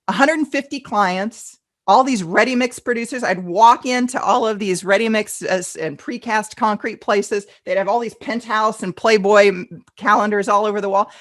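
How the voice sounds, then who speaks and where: A woman's voice: medium pitch, normal speed. Middle-aged woman consultant, chatty and upbeat, answering questions in a live online class. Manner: chatty and enthusiastic, reads out attendee questions and answers them. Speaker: fundraising event consultant teaching a class.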